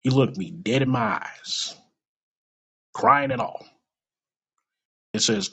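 A man's voice: medium pitch, huge pitch swings, slow, gravelly, bright, forceful tone, husky, dull audio. A man telling a personal story aloud in a blunt, profane and emotional way.

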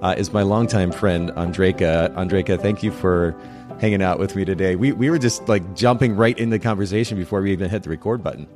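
A man's voice: low-pitched, fairly quick, over music. A man hosting a podcast, chatting casually with a guest on a video call and often restarting his sentences. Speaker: podcast host. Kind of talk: casual interview chat. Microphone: remote call with guest over Zoom.

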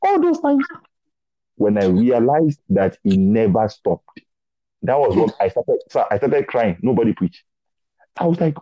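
A young man from Nigeria sharing a personal faith testimony in conversation, animated and acting out dialogue. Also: mid-range voice, normal speed, no room sound. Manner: animated storytelling, acts out dialogue, repeats words. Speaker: guest preacher. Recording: dull lo-fi dry sound.

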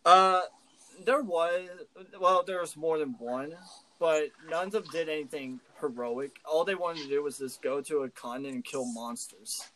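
A man's voice: fairly high pitch, moderate pace, poor audio. A man co-hosting a casual podcast chat, swearing freely, laughing often and telling stories with animation. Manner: profane, laughing, animated storytelling. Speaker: co-host.

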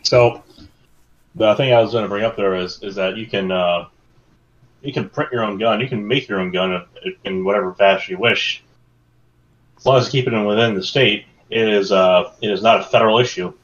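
A man with a fairly low voice chats casually on a podcast and wanders through his stories in a rambling way. The sound is dull and lo-fi. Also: a little fast, fairly bright tone. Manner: rambling, meandering storytelling. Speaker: podcast co-host.

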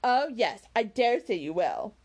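A woman's voice: fairly high pitch, very animated, a little slow, darkish tone, full character voice. Brief: sly, insistent young lady, sweet on top, pointed beneath, as a woman reads her. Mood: insinuating.

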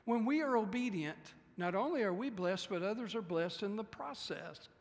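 A male pastor with a high voice delivers an animated sermon, slipping into the voices of the people he quotes. His words ring out with a long reverb, as in a large church hall. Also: normal speed.

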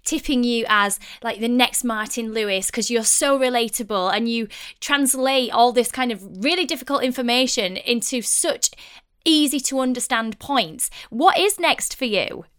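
Smooth-voiced earnest woman interviewer. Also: a little high, moderate pace, a bit bright. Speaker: podcast host. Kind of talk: interview questions.

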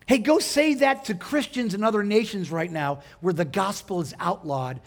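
A man's voice: high voice, animated, fairly quick, few pauses. A man preaching a sermon to his congregation, conversational and direct, asking them questions and building to emphatic points. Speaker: pastor.

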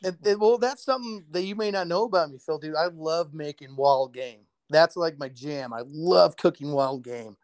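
A man's voice: a little high, moderate pace, hardly any pauses, a little mellow, no echo. A man in casual podcast chat, laid-back and profane, telling hunting and cooking stories. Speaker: podcast co-host.

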